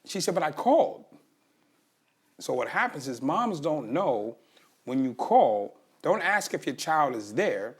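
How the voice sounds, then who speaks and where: Lively-voiced male podcast host. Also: medium pitch, a little slow, husky. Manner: explains advice to listeners with his own examples. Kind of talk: interview conversation.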